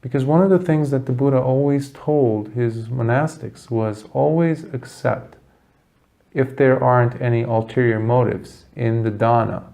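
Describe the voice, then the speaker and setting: A man giving a Buddhist dharma talk, telling a story earnestly with dramatic pauses. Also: medium pitch, gravelly, mellow. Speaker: Buddhist teacher.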